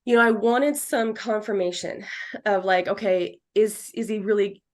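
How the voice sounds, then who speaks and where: A woman talking as a psychic medium in a casual interview. She rambles through restarts and fillers and acts out quoted lines with animation. Her voice sits at a middle pitch. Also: moderate pace. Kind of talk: casual chat.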